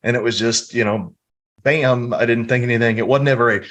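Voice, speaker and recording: A man's voice: mid-range voice, brisk, fairly bright tone. A middle-aged man from the American Midwest, earnestly telling stories from his life as a guest in a casual podcast interview. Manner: earnest, storytelling, reflective.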